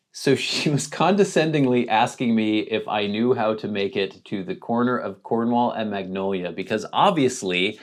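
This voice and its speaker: A middle-aged man telling a casual, self-deprecating story and acting out the people in it. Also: fairly low pitch. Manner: animated, self-deprecating anecdote telling with quoted dialogue. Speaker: vlogger.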